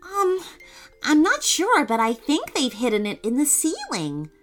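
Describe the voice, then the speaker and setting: A woman voicing a clever, eager young girl explorer who sounds bright and excited. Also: high-pitched, a little slow, faint music behind, voice pushed up, full character voice.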